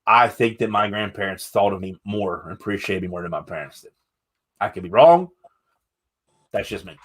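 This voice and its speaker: A man's voice: on the low side, expressive, normal speed, a bit bright. Candid, rambling male podcast host. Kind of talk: casual interview chat.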